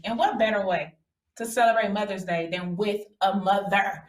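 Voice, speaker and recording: A woman's voice: mid-range voice, moderate pace, soft background music. A woman co-hosting a faith talk show, chatting in an enthusiastic, informal way. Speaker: co-host. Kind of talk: casual chat. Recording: echoey room, voice from a distance.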